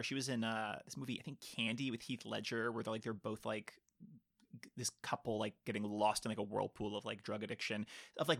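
A man co-hosts a relaxed film podcast, talking in a chatty, playful way. His voice sits at a middle pitch with a bright, forward ring. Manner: chatty, playful, puts on silly voices for jokes. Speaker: podcast co-host. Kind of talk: casual film discussion.

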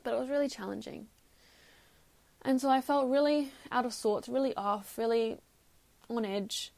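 A woman's voice: a little high, normal speed, gravelly, a little mellow. A woman hosting a podcast, telling a personal story candidly and reflectively, sometimes laughing at herself. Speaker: podcast host.

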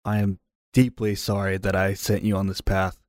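A man's voice: deep voice, little pitch movement, moderate pace, dry recording. A man playing his character in a tabletop game, pleading and exasperated, cursing freely. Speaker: player. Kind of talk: in-character tabletop role-play.

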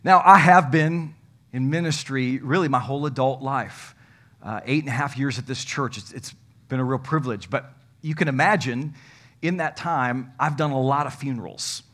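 A male pastor preaches a sermon in an emphatic, folksy style, joking with the congregation and swinging between loud and hushed moments. His voice is mid-range and his pace moderate.

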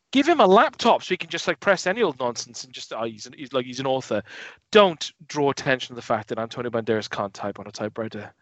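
Podcast co-host, male, lively storyteller who acts out scenes; lo-fi dry recording. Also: fast, dry recording. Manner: animated, mimics film scenes in a lowered voice. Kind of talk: casual film review chat. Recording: dull lo-fi dry sound.

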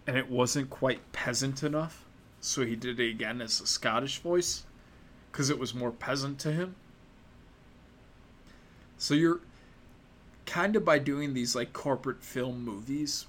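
A man's voice: mid-range voice, fairly bright tone, slight background noise. A young American man giving opinionated, casual commentary in a sarcastic, mocking and profane way. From United States.

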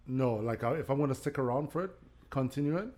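A man's voice: mid-range voice, quick pace, darkish tone. A man co-hosting a casual podcast chat, teasing and repeating phrases as he laughs with his friends. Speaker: podcast co-host.

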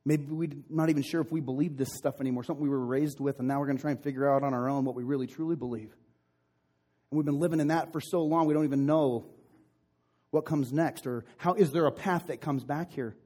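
A male pastor delivering a sermon, retelling a story with impassioned emphasis that drops to hushed, intimate passages. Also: mid-range voice, steady tone, fast talker.

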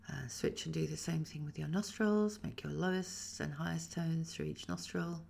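A woman who is a voice teacher, calmly guiding a voice exercise and demonstrating the sounds herself. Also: low-pitched, normal speed, creaky, few pauses. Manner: calm, instructive, demonstrates sounds. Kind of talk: guided voice exercise.

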